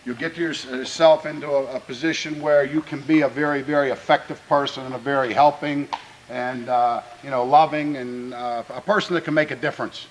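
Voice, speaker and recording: A man's voice: medium pitch, fairly even intonation, a little hiss or hum, low-quality recording. Earnest man coaching his football team. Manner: earnest, plainspoken exhortation, pausing to restart phrases; grows louder and more fervent when speaking of country. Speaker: high school football head coach. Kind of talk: pregame locker-room speech to players.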